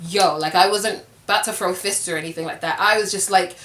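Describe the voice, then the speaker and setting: A woman's voice: fairly low pitch, steady tone, brisk, a bit bright, reverberant. A young woman vlogging, telling a personal story to camera in a candid, conversational way, with plenty of filler words.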